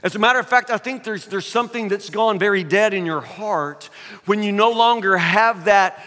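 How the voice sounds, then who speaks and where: A man's voice: sits high, normal speed, sharp tone. An older man preaching a sermon, telling a humorous personal story in a chatty, self-deprecating way. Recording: echoey hall.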